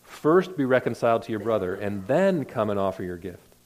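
A man's voice: lowish voice, very animated, fairly quick, a little mellow. A man preaching a sermon in an earnest, conversational way, often restarting his words. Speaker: pastor.

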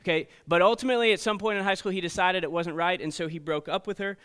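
Animated man telling stories to teens. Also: high voice, quick pace, clean tone. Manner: storytelling, animated, frequent "okay?" and "right?" asides. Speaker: youth pastor. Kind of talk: sermon to teenagers.

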